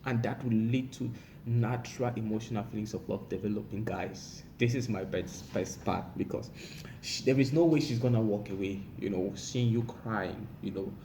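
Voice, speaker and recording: A man's voice: fairly low pitch, moderate pace, dark tone, a little hiss or hum. A man giving relationship advice in a casual monologue, repeating himself and saying "you know" constantly. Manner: repetitive, frequent "you know" fillers.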